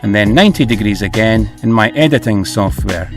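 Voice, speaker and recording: Brief: middle-aged man, relaxed travel vlog host, soft music under him. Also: lowish voice, brisk. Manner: easygoing, hesitant with fillers.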